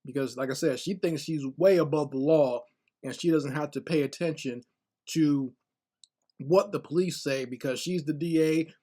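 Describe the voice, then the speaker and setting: A man's voice: on the high side, normal speed, warm tone. A man giving casual reaction commentary on a video, sarcastic and full of rhetorical questions, often repeating words as he goes.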